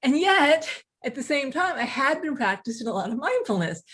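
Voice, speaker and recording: Her voice sits high as this woman, a guest author, spins stories in easygoing conversation, full of animation, rapid asides and bursts of laughter.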